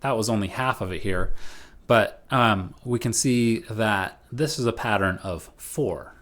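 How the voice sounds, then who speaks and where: Slow-talking male music teacher. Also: lowish voice, a bit bright. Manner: casual, patient, with frequent "right?" checks. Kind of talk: recorded slide lecture.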